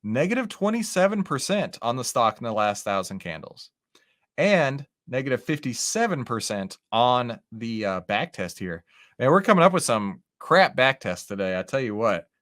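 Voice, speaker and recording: A man's voice: mid-range voice, normal speed. A man hosting a live stock-trading stream, chatting casually to viewers as he walks through charts and often asks "right?". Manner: lively, animated, talks with chat and charts; says "right?" and "okay?" often. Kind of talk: casual live market commentary.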